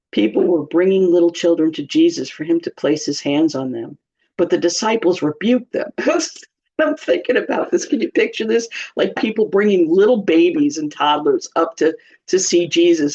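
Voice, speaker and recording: A church teacher gives a chatty, humorous Bible lesson, laughing often. Her voice sits low with a dark, slightly rough tone. The lo-fi recording sounds a little dull.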